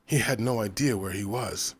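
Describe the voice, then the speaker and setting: This is a man narrating a novel for an audiobook, his husky voice sitting on the low side. He keeps his delivery measured and even, like a careful storyteller.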